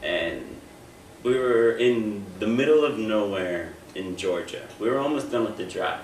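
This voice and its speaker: A man's voice: lowish voice, lively intonation, a little slow. Young American man doing stand-up. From United States. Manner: self-deprecating, repeats his openings. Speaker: stand-up comedian. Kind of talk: stand-up comedy. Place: stage in a room. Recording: echoey room, distant mic, faint noise.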